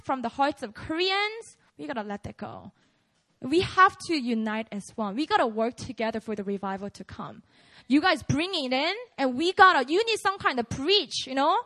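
Lively high-voiced woman preaching. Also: rough recording. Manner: animated, conversational preaching with frequent laughs. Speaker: pastor. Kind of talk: sermon at a prayer meeting.

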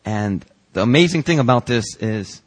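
A man's voice: medium pitch, moderate pace. Man preaching a personal story. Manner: animated, acts out the dialogue in his story. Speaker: pastor. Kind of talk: sermon storytelling. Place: church sanctuary.

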